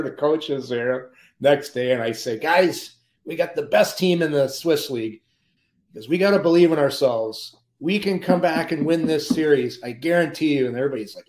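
Man telling a lively story, roomy sound. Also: fairly high pitch. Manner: lively anecdotes, laughs while telling stories. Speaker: podcast guest, former pro hockey player. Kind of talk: storytelling in a podcast interview. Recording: roomy echo.

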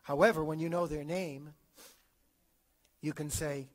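Brief: male catechism teacher, slightly higher voice, animated, acts out quotes, frequent restarts. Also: measured pace. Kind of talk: theology class lecture.

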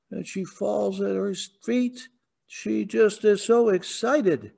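Slow-speaking man preaching a sermon. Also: sits high, creaky, darkish tone, slightly rough. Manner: storytelling, rising to emphatic declarations. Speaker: pastor. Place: church sanctuary.

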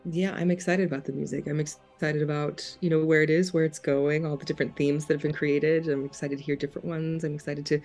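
A woman's voice: low-pitched, level tone, quick pace, few pauses, darkish tone, faint music behind. A woman opera singer talking as a podcast guest, rambling and effusive, with many "you know"s and easy laughs. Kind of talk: casual podcast conversation.

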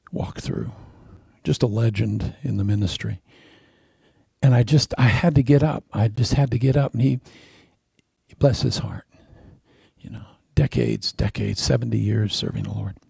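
A man preaching a sermon as a pastor, swinging from loud emphatic lines to hushed, almost whispered prayer. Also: medium pitch, normal speed, creaky, pauses often, husky, no echo.

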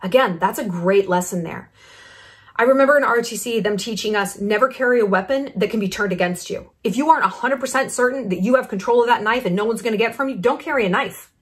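A woman in her thirties delivering a blunt, sarcastic opinion monologue as a vlogger. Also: on the high side. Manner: brash, blunt and sarcastic, with quick asides. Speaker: YouTube commentator.

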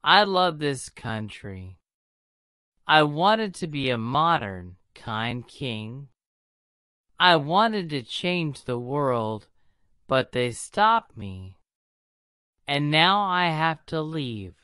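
A sorrowful king speaks very slowly and softly, his lines rising and falling widely, as a woman reads him aloud from a storybook. The voice is bright and clean, recorded dry and close. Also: deep voice, very animated, clean tone, dry recording, voice pushed down, exaggerated voice. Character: sad, gentle male king giving up his throne.

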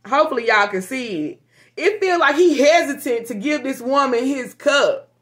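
A woman giving a casual, profane tarot reading to her viewers, frank and animated. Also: high voice, moderate pace. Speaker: tarot reader.

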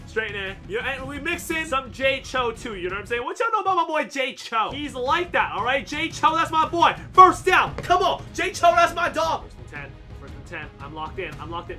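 A young man giving boastful, trash-talking commentary over his own football video game, swinging from muttering to shouting. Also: extremely high pitch. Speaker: gaming YouTuber. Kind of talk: hyped gameplay commentary.

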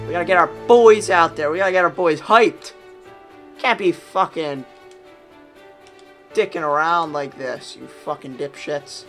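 A man giving profane let's-play commentary, reacting loudly to gameplay. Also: a little high, a little slow, pauses often. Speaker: gaming YouTuber. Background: music playing.

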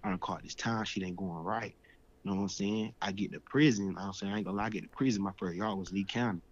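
A young man in his twenties, an interview guest, tells his story in slangy, streetwise casual talk. His voice is low-pitched with fairly even intonation at a quick pace, and the recording sounds dull and lo-fi.

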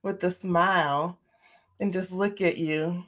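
A woman guest telling a personal story in an earnest, expressive, conversational way. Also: on the low side, takes it slowly. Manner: expressive, earnest, talks through her feelings openly. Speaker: podcast guest.

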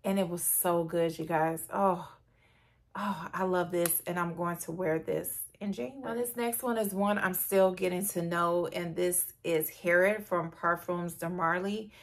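A woman with a slightly low voice talks through a casual perfume review vlog. She is chatty and gushing, and speaks directly to her viewers like friends. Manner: gushing, chatty, addresses viewers as "you guys". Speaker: beauty vlogger.

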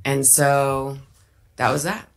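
A woman's voice: rumbling low, steady tone, slow, gravelly, a little hiss or hum. A woman telling a behind-the-scenes story in casual chat, quoting others as she goes. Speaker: guest actress telling a set story. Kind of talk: casual anecdote.

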